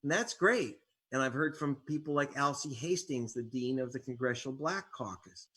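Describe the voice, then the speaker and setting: A man's voice: mid-range voice, expressive, moderate pace, fairly bright tone, husky. A man, an investigative reporter and author, being interviewed as a guest, talking in a wry storytelling way with sarcastic jabs. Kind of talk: interview conversation.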